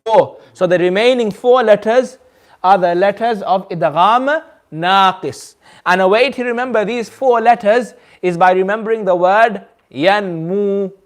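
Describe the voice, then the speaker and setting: Speaking a little slowly in a high voice, a man leads a Quran recitation lesson at a community centre. He patiently questions his students and demonstrates the sounds himself.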